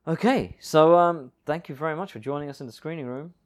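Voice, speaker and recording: A man's voice: fairly high pitch, a little fast. Brief: male podcast host riffing loosely over a film, jokey and foul-mouthed. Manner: chatty, joking, swears freely. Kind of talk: casual film commentary chat.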